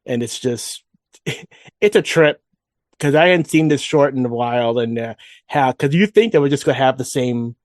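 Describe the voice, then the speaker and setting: A man's voice: medium pitch, moderate pace, no room sound, studio quality. A man co-hosting a casual fan podcast, rambling with frequent restarts and asides. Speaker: podcast co-host.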